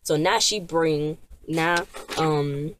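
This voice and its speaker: A woman with a low voice recapping a TV episode casually. She rambles and restarts often, full of fillers. She acts out the characters' lines as she goes. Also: extremely slow, slight background noise. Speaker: TV episode reviewer.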